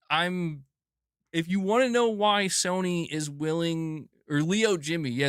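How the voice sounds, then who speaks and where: A man's voice: on the high side, no room sound, clean studio sound. Emphatic, profane man ranting on stream. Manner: emphatic, profane, swings between loud and muttered. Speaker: gaming news channel host. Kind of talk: livestream commentary rant.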